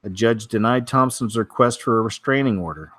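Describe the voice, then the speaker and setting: A man's voice: medium pitch, brisk, a bit bright, no echo. Dry-voiced man doing wry news chat. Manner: wry, offhand, many fillers. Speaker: host of a weekly news show. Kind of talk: casual news commentary.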